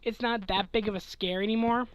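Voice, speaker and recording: Late at night, a twenty-something man who hosts a gaming channel answers questions in a sleepy, yawning, rambling chat, chuckling and letting thoughts trail off. His voice sits high with fairly even intonation and a brisk pace, on a rough recording.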